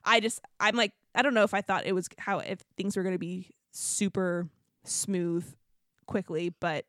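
Chatty woman co-host telling a story, mid pitch, dry close mic. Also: steady tone, moderate pace, a bit bright, no echo. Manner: chatty storyteller, quotes others, laughs often. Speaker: podcast co-host. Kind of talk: casual chat.

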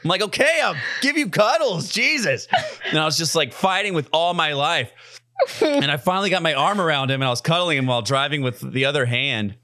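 Man, casual chat, animated storytelling, lively pitch, bright tone. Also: a little fast, no room sound. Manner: animated storytelling, bursting into laughter. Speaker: player.

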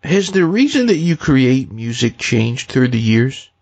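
A man's voice: medium pitch, sing-song, measured pace, darkish tone, no room sound. A male radio host asking an interview guest questions politely.

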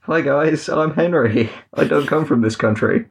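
A man's voice: fairly high pitch, unhurried, creaky. A man with an English accent from the countryside, a guest on a podcast, chatting in a joking, slightly hesitant way. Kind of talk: casual chat.

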